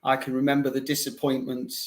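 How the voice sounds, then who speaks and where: An older man speaking as a guest fan in a casual chat, talking in a hesitant, halting way. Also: medium pitch, monotone. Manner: hesitant, many fillers and restarts.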